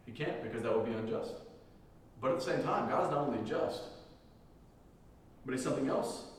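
A male pastor preaching a sermon with emphasis, repeating key lines and swinging between loud declarations and hushed moments. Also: medium pitch, lively intonation, brisk, a little hiss or hum. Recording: echoey hall from far off.

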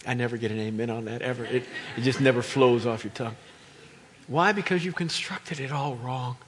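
A man preaching a sermon to a congregation, moving between quiet explanation and loud, emphatic delivery. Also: medium pitch, brisk, slight background noise. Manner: dynamic, swings from quiet to loud, acts out crowd voices.

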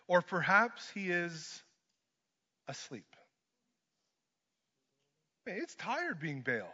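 A man preaching a sermon, swinging from hushed lines to loud ones and mixing in joking asides. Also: sits high, very animated, very slow, long pauses, slightly rough. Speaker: pastor. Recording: dull lo-fi sermon recording.

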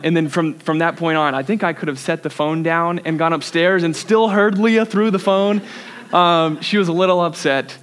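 A man's voice: fairly high pitch, fairly even intonation, normal speed, fairly bright tone, clean tone. A young man preaching a sermon, telling a story animatedly and laughing at himself. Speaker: youth pastor.

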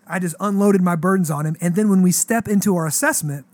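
Animated high-voiced male pastor storyteller. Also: fast, no room sound. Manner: animated, slangy, acts out quoted dialogue. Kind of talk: casual storytelling on a podcast.

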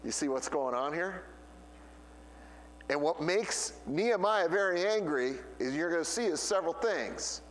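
A man's voice: fairly high pitch, lively intonation, measured pace, big-room sound, slight background noise. A man preaching a sermon as a pastor, telling stories and acting out the voices he quotes. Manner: storytelling preacher who acts out quoted voices.

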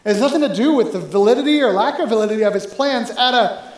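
A pastor preaching a sermon in a relaxed, conversational way, often checking in with the listeners. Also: medium pitch, fast talker, roomy sound, rough recording.

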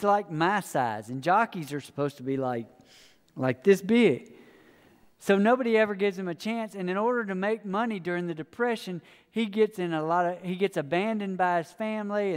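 High-voiced pastor preaching. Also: male voice. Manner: folksy, storytelling, addresses congregation as y'all. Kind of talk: sermon. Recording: long hall reverb.

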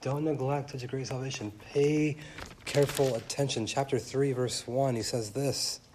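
A man in his thirties preaching a sermon as pastor, animated, speeding up and slowing down and rising to loud emphatic peaks. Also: medium pitch, a little hiss or hum. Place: church.

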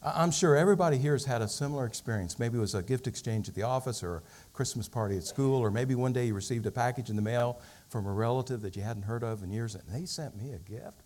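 A man's voice: mid-range voice, fast, hardly any pauses, a little mellow. A man preaching a sermon, telling a story and building to fervent emphasis. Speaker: pastor.

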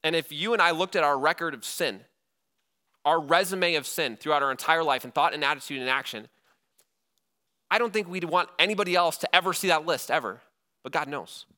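A man's voice: fairly high pitch, a little fast. A man, a pastor, preaching a sermon, telling the story with energy and acting out the quoted lines. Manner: animated storytelling, acts out quoted lines with laughs.

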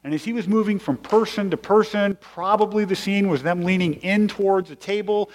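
A man's voice: high-pitched, fairly quick. Man preaching in a reverberant hall. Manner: conversational, explanatory, emphatic. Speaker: pastor. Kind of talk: sermon.

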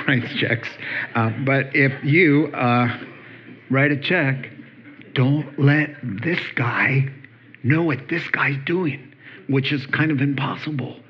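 Slow-talking male pastor, conversational sermon. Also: medium pitch, highs cut off. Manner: conversational, joking, acts out quoted voices.

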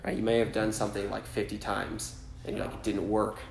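A man's voice: fairly low pitch, completely flat delivery, fairly quick, gravelly, darkish tone, faint music behind. A man pastor preaching a sermon in a loose, conversational way, often asking "right?" and acting out the people in the story. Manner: casual preaching, frequent "right?", acts out voices with laughs. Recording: echoey room.

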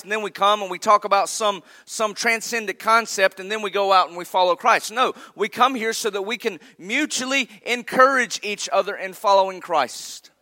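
Man, pastor, folksy sermon, high voice, emphatic peaks. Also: sharp tone.

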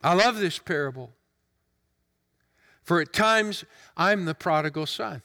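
A male preacher giving an earnest, emphatic sermon in a deliberate manner. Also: high voice, expressive, pushed and bright. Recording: long hall reverb.

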